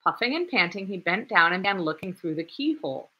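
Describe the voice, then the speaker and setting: A woman reading a classic novel aloud in a measured narrating voice. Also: on the low side, big pitch swings, slightly rough, dull audio. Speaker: audiobook reader.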